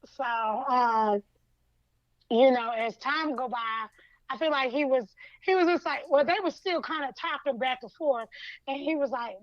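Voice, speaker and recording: High-voiced woman, animated storyteller. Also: moderate pace, no echo. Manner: animated storytelling, acts out lines. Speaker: podcast co-host. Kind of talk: casual chat retelling a story. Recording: dull lo-fi sound.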